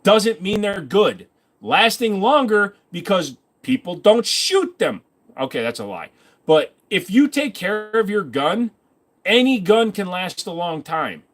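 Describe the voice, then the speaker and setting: A man with a slightly high voice chats casually on his livestream, answering viewer comments with rambling, offhand asides. The talk is loose and unscripted. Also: sing-song, unhurried. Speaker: streamer host.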